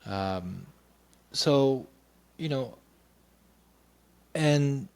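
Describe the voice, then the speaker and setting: Man, candid personal story, rambling, 'you know' fillers, mid-pitched voice, casual swearing. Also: animated, drawn-out words, creaky, clear, resonant tone, no room sound.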